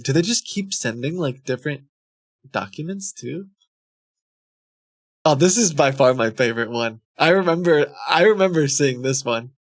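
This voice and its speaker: A man's voice: on the high side, lively intonation, normal speed, no echo. A man streaming live, reading scam emails aloud with amused, chuckling, rambling asides. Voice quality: creaky.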